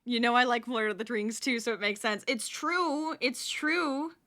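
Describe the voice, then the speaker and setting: A woman's voice: fairly high pitch, normal speed, pushed and bright. A woman streaming live while she crochets, chatting and laughing with her viewers and counting stitches under her breath.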